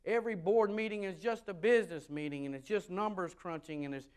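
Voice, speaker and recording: A pastor from the United States preaching a sermon to his congregation, animated and rising loud when he reads scripture, with wry asides. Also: sits high, fairly quick, clean tone. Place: church sanctuary with a congregation.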